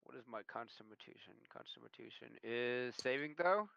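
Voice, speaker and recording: A man's voice: medium pitch, lively intonation, moderate pace, creaky, fairly bright tone, no echo, highs cut off. A man playing a tabletop game, joking and swearing casually. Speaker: player.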